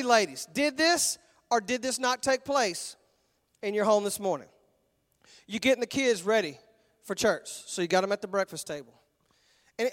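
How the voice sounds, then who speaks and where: A man with a Texan accent preaching a conversational, animated sermon in a large church auditorium, acting out voices as he goes. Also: extremely high pitch. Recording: long hall reverb.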